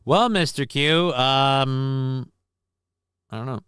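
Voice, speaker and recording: A man's voice: medium pitch, slow, fairly bright tone, smooth, no echo, clean studio sound. A man hosting a casual live stream, reading chat messages and news aloud and cracking crude jokes. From northern United States. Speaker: show host.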